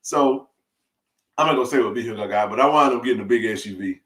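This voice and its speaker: A middle-aged man, telling a rambling, animated story on a live stream, full of restarts and laughs. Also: on the low side, racing. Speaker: live-stream sports chat host. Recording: roomy echo.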